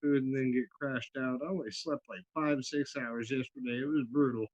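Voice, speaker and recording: A man's voice: mid-range voice, steady tone, moderate pace, muffled recording. A man chatting casually with a friend on a call, blunt and full of slang. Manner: laid-back, blunt slang. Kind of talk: casual chat.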